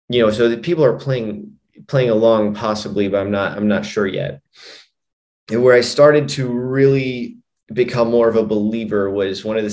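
A man's voice: lowish voice, darkish tone, highs cut off. A man, a hypnotist and mind coach, telling a long story as a guest in a casual interview, rambling with lots of "you know" and "like". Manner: rambling, full of "you know" and "like", frequent restarts.

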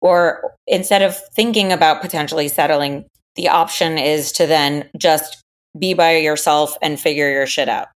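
A woman's voice: deep voice, steady tone, moderate pace. A woman co-hosting a casual podcast chat, asking long, rambling questions.

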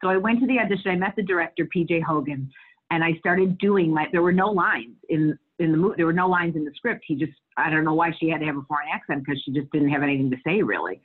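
A middle-aged woman, an actress, tells stories in a casual interview, candid and animated and often laughing. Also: sits low, quick pace, husky. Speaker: guest actress. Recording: tinny phone-like line.

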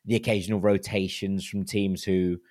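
A man hosting a football podcast, chatting in a relaxed, thoughtful way with hedging asides. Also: sits low, moderate pace, dry recording, studio quality. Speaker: podcast host. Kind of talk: casual football chat. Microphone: studio mic at night, speaking quietly.

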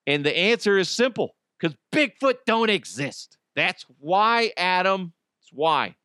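A man's voice: high voice, sing-song, a little slow, pushed and bright, no echo, studio quality. A man hosting his own podcast, rambling and joking with plenty of swearing. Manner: rambling, profane, jokey. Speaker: podcast host. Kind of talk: casual solo podcast monologue.

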